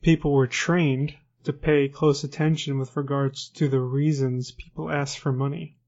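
A man's voice: medium pitch, level tone, unhurried, a little mellow, highs cut off. A man co-hosting a podcast who reads from an ancient text and comments on it with wry, joking asides. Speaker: podcast co-host. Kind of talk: casual conversation and reading aloud of an ancient text.

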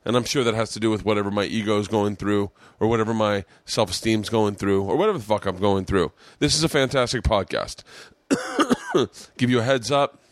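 With a lowish, very animated voice at a moderate pace, this podcast host spins a long, rambling, profane yarn as casual storytelling chat. The recording is dry and studio quality.

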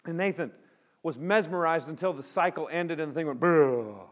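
A man with a slightly high voice delivers a storytelling sermon to a live audience of students. He acts out the people in his story with lively energy, then settles into a quiet, earnest tone to drive his point home. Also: fairly quick. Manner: drops to a quiet, earnest tone at the close.

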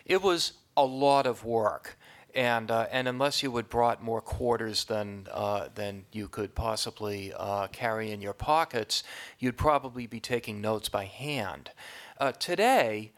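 An older man speaking on a public panel, explaining at a measured pace with many filler sounds. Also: mid-range voice.

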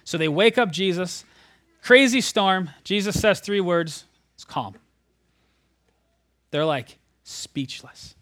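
A man preaching a sermon, retelling a scripture story in a conversational, animated way, sometimes dropping almost to a whisper. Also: high-pitched, slow, pauses often, no echo.

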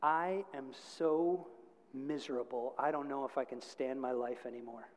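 A man voicing a miserable, hurt teenage girl inside a sermon story, speaking in a low, subdued tone. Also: fairly even intonation, normal speed, natural voice. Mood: despairing. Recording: long reverb of a large hall.

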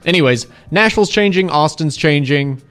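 A man's voice: on the high side, animated, normal speed, a bit bright, soft background music. A man co-hosting a community radio show, chatting casually and joking between songs. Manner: jokey, chatty, laughs often. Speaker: radio DJ co-host.

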